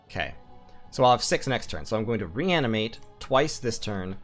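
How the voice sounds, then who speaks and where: A man's voice: on the low side, sing-song, normal speed, a bit bright, soft background music. A man recording gameplay commentary at home, methodically thinking aloud through his plans and numbers. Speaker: strategy game let's-player.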